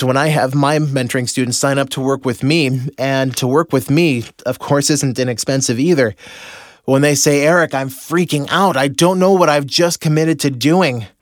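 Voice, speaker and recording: A man's voice: mid-range voice, no echo. Dry, close-miked man telling a story. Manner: animated storytelling, acts out his own inner voice. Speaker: podcast host and business mentor. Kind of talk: personal story told to listeners.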